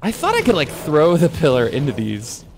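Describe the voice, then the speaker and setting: A man streaming a video game, chatting in animated, jokey and rambling commentary into a desk microphone. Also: on the high side, moderate pace, gravelly, slight background noise. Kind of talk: let's play commentary. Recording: game music behind.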